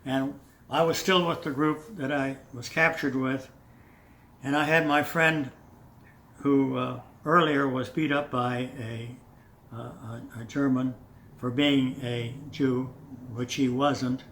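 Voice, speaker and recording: An older man telling his memories in an oral history interview, halting with many fillers and restarts, chuckling now and then. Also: medium pitch, fairly even intonation, fairly bright tone. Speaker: veteran interviewee. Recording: echoey room, distant mic, faint noise.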